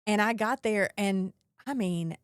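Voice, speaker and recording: A woman's voice: mid-range voice, unhurried, clear, resonant tone, dry recording, clean studio sound. A woman who hosts a crime podcast and reports on crime, chatting casually and telling stories with loose fillers. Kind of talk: casual interview conversation.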